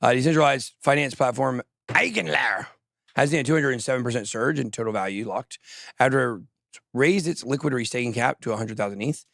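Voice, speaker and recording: A man hosts a crypto show as casual chat, joking, poking fun at himself, and going off on tangents while reading the news. His medium-pitched voice is brisk, creaky, and fairly bright, recorded in studio quality with no room sound.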